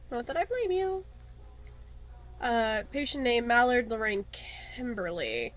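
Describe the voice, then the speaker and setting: A woman's voice: a little high, sing-song, a little slow, pauses often. Chatty young woman reading game letters. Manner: chatty and wry, breaks off into asides while reading. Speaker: let's play host. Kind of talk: casual gameplay commentary, reading in-game letters aloud.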